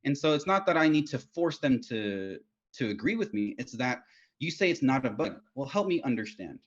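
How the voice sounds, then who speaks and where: A man's voice: medium pitch, moderate pace. Man on a lo-fi video call. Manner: animated storytelling, many fillers and restarts. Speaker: guest speaker, test engineering lead. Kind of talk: casual career advice chat. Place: home, Utah. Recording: dull lo-fi video call audio.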